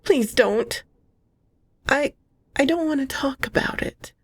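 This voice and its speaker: A woman voicing a frightened young woman who speaks softly and haltingly, pleading to be left alone. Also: medium pitch, breathy edge, no room sound, pitched above the performer's own voice.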